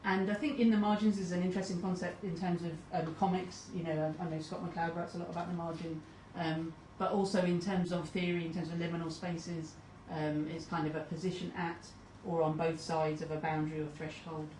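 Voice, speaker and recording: Woman presenting at a talk, lots of ums, lowish voice, picked up from far off in an echoey room. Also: level tone, brisk, few pauses, darkish tone, slight background noise. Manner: hesitant, many ums, reads quotes aloud. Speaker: conference speaker. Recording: roomy hall recording from a distance.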